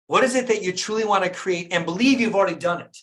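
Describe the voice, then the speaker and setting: A man's voice: high voice, fast talker. A middle-aged man, a dentist and business coach, giving a fired-up motivational talk on a group video call and repeating phrases for emphasis.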